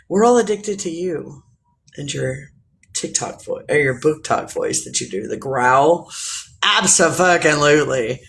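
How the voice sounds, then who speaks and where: A woman hosting a casual live stream, joking crudely, greeting viewers and talking in a playful, drawn-out way. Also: sits low. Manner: bawdy, joking, often laughing. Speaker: livestream host.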